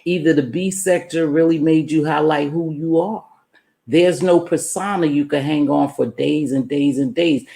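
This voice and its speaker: A woman's voice: low voice, fairly even intonation, moderate pace, gravelly, warm tone, echoey room. A woman hosting a casual livestream, giving emphatic, preachy motivational talk and breaking off to greet chat viewers. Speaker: livestream host.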